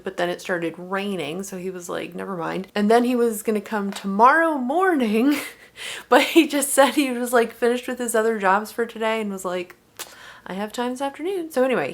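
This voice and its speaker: Woman vlogger, casual home chat about her writing, rambling and chatty, talks with fillers. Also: medium pitch. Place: at home, indoors. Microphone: headphones on, desk setup.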